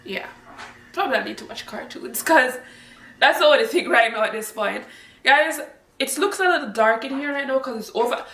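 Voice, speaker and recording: A woman from Jamaica talks casually to her viewers from home, laughing easily. Her voice sits high and sounds bright, and she swoops up high when she gets excited. She is recorded a little away from the mic in an echoey room. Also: moderate pace, distant mic. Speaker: vlogger. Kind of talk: casual chat to camera.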